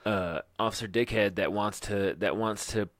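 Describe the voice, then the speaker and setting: Man, laid-back podcast co-host, lower voice, repeats words, dry close sound. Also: steady tone, dry recording. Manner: agreeable, halting, repeats his words. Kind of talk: casual podcast chat.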